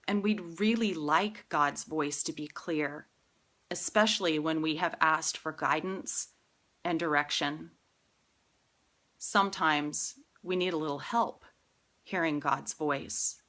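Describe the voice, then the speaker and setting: A woman's voice: fairly low pitch, a bit bright. A woman pastor preaching a sermon in a church, telling personal stories in a conversational way. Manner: conversational storytelling with personal anecdotes.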